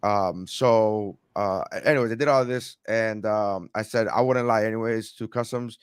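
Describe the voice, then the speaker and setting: A man's voice: lowish voice, moderate pace, clean tone, dry recording. Rambling male podcast storyteller, dry sound. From immigrant to America. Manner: rambling, animated anecdote with many restarts. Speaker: podcast co-host. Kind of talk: casual storytelling chat.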